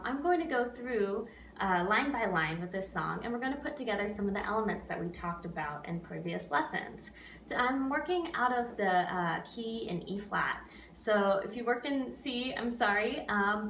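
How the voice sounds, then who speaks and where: A woman's voice: mid-range voice, a bit bright. A woman who is an opera pianist teaches an online singing lesson, coaching patiently and counting students in. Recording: roomy, distant mic with faint background noise.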